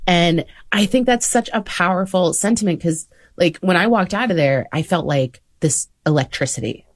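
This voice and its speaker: Woman host, really low voice, earnest and chatty, dry sound. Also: animated, normal speed, no room sound. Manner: earnest, chatty, uses "like" often. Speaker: interviewer, host. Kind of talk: conversational interview.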